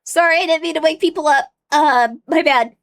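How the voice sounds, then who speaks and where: A young woman streamer chats casually with her viewers in a voice pitched somewhat high. She rambles through lots of fillers and restarts, and her exasperation comes through when chat says something odd. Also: a little fast. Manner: rambling, many "like" and "um" fillers, gets loud and exasperated. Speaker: streamer hosting a watchalong.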